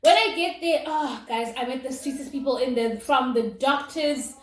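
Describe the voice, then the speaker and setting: A young woman telling a personal story in a casual, animated, dramatic way, as a vlogger. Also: high-pitched, normal speed. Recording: roomy with faint noise.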